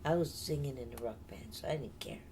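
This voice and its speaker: A woman's voice: extremely low pitch, fast talker, darkish tone, slight background noise. An older woman, a singer, telling her life story in a candid, chatty interview and laughing often.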